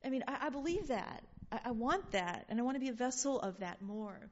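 A woman leading an informal Bible study, reading scripture aloud and talking in an animated, laughing way. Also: fairly high pitch, a little fast, a little hiss or hum. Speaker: Bible teacher. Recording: dull lo-fi sound.

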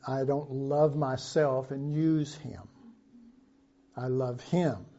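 Slow, mellow-voiced male preacher. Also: mid-range voice, fairly even intonation, muffled recording. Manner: slow, conversational preaching with Bible reading and asides. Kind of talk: sermon.

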